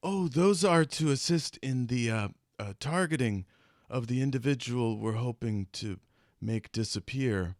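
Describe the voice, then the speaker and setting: A man's voice: mid-range voice, lively intonation, unhurried, a little mellow, no echo, studio quality, pitched above the performer's own voice, natural voice. A man voicing a scheming local man who flusters and blurts out secrets. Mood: flustered.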